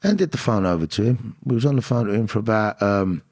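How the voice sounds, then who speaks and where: A man telling personal stories in an interview, animated and acting out the voices of people he quotes, with frequent restarts. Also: lowish voice, fast. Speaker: actor and guest. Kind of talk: candid interview storytelling.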